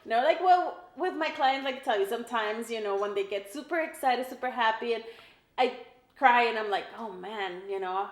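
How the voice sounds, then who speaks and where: A woman's voice: a little high, a little fast. Chatty woman with an El Paso accent. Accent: El Paso Texas. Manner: emotional, laughs often, trailing sentences. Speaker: guest, realtor. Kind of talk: casual interview chat. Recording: echoey room.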